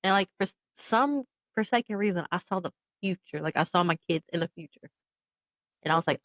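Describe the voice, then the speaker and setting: A woman's voice: lowish voice, lively intonation, brisk, dry recording, rough recording. A woman in her thirties co-hosting a podcast, recounting a personal story with candid emotion. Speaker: podcast co-host. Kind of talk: casual podcast conversation.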